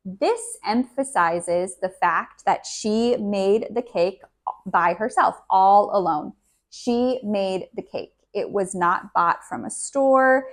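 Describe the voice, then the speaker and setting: A woman teaching an English lesson, who says each example sentence and then slowly repeats it for learners. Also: mid-range voice. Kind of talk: slow, clear English lesson.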